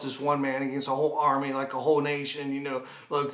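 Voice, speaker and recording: A man's voice: medium pitch, completely flat delivery, fast talker, over loud music. A man telling comic stories about his pets in a rambling, chuckling way, with exaggerated asides. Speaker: comedy vlogger. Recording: echoey room with background noise.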